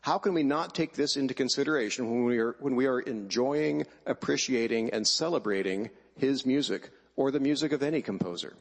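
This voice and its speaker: Husky man telling stories in a hall. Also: medium pitch, a little fast, few pauses. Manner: wry, emphatic storyteller. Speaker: speaker introducing a choir. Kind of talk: personal storytelling speech. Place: hall at a choir event. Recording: long hall reverb.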